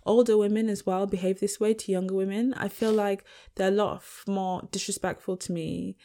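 A woman's voice: mid-range voice, steady tone, normal speed, mellow. A young woman co-hosting a casual chat podcast, speaking frankly and with strong opinions. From England. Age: young adult. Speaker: podcast co-host.

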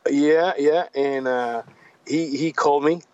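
A man from Puerto Rico, a native Spanish speaker with a Puerto Rican accent, talking in a casual interview in halting, repetitive English. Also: on the high side, darkish tone, dry recording, dull audio. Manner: halting, repeats words, drops grammar. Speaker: guest.

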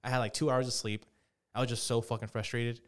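Young host, rapid, sweary storyteller. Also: male voice, mid-range voice, level tone. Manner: profane, ranting storyteller, puts on voices. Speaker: podcast host. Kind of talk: casual chat.

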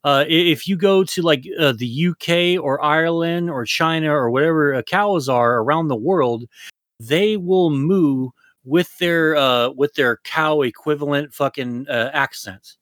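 A man with a slightly high voice rambles through podcast talk, joking and cursing freely. The sound is close and dry, with no room echo. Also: a little slow, a bit bright. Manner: rambling, profane, loose and jokey. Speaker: podcast co-host. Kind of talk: casual podcast chat.

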